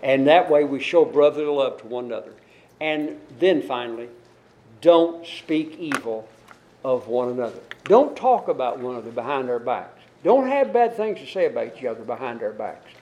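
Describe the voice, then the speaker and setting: On a muffled recording, a man with a mellow, mid-range voice and big pitch swings delivers a sermon at normal speed. He earnestly quotes scripture to his congregation and explains it, his emphasis swelling and dropping.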